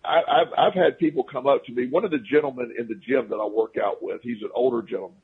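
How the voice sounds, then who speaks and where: A man's voice: mid-range voice, fast, breathy edge. A man guest on a talk radio show, telling stories in a rambling, casual way with many restarts. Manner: rambling, restarts often, chuckles at his own stories. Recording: phone-line radio call.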